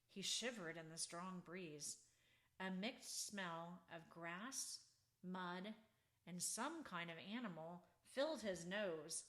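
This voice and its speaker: A woman author reading her children's book aloud in an expressive, unhurried storybook manner. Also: lowish voice.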